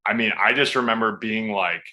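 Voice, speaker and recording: Podcast guest: man, thirties, bright forceful tone, relaxed profane storytelling. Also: on the low side, fairly quick. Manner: laid-back, swears freely, acts out quotes. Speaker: podcast guest, football player. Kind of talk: casual storytelling.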